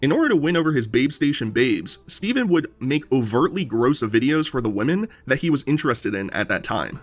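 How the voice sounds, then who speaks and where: A man's voice: medium pitch, very animated. A man reading a sardonic scripted documentary narration. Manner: brisk, sardonic.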